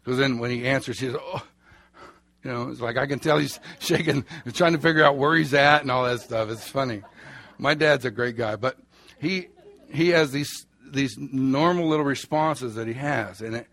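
A man's voice: mid-range voice, a bit bright, no echo. A middle-aged man preaching a sermon, folksy and anecdotal, chuckling through his stories. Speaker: pastor.

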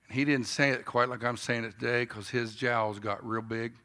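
A man in his fifties delivering a storytelling sermon. His voice is strikingly bright and forceful with a mid-range pitch. He drops quiet and reflective, then climbs into loud, animated passages. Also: normal speed. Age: 50s. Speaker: preacher.

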